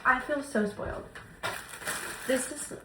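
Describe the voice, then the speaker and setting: A young woman chatting excitedly as she unboxes gifts for her vlog, gushing over each item. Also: high-pitched, slow. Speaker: lifestyle vlogger. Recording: echoey room, noisy background.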